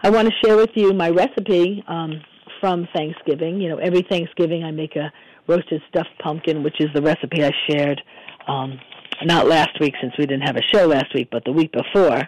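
A man hosting a radio talk show, hoarse after losing his voice, talking casually with many ums and restarts. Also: a little high, a little mellow, no echo, rough recording. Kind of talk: casual radio talk, recipe and guest intro.

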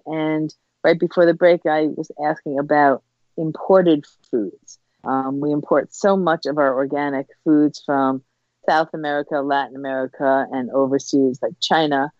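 A woman's voice: low-pitched, a little mellow, no room sound, muffled recording. A woman hosting a radio interview show, welcoming listeners and asking her guest questions in a friendly, conversational way.

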